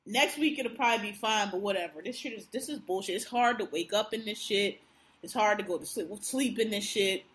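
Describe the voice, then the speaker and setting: A woman co-hosting a podcast, telling a story in casual chat, profane and animated. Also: mid-range voice, a little fast. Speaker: podcast co-host.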